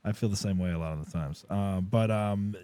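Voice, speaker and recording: A man's voice: low-pitched, brisk, dark tone, clean tone. A man hosting a podcast, chatting loosely with many fillers and restarts. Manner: loose, meandering, lots of fillers. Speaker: podcast host. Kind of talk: casual chat. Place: podcast studio. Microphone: studio mic.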